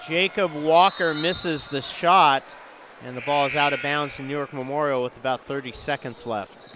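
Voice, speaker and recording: A man calling live high school basketball play-by-play who gets louder on big plays. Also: normal speed, background noise. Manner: rising excitement on big plays. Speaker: play-by-play announcer.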